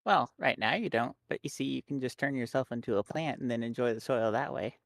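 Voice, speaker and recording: A man's voice: medium pitch, brisk, creaky, fairly bright tone, no echo, studio quality. A man playing a tabletop game, hesitant and full of fillers, suggesting playful ideas. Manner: hesitant, many uh's, playful. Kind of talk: casual tabletop play.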